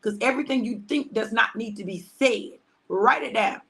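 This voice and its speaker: A woman pastor, preaching conversationally on a livestream, repeating phrases for emphasis and dropping to hushed tones. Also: on the high side, normal speed, vocal fry.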